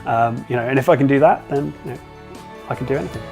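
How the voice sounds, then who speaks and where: A man's voice: medium pitch, fast, creaky, over music. A man, an illustrator, giving interview remarks in a hesitant way with many fillers.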